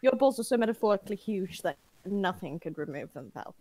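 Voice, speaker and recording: A woman playing a tabletop game over voice chat. She trades dry, teasing jokes with the other players. Her tone stays wry and relaxed. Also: medium pitch, a little fast. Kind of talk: casual tabletop play.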